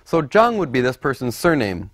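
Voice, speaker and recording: A man narrating a scripted language lesson, explaining deliberately and repeating example words for the listener. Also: mid-range voice, big pitch swings, no echo, studio quality. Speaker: language teacher.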